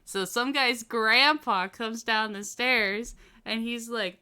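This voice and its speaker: A woman's voice: a little high, unhurried, hardly any pauses, pushed and bright, clean tone. A woman telling a story on a casual podcast, laughing often as she goes. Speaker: podcast co-host.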